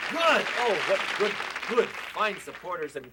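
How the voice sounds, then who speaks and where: TV puppet comedy: self-important dragon candidate, rambling patter, lively high pitch. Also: male voice, unhurried, over loud music, a loud crowd, poor audio. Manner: pompous, rambling salesman patter. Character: boastful good-natured male dragon, perennial candidate. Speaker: puppet character.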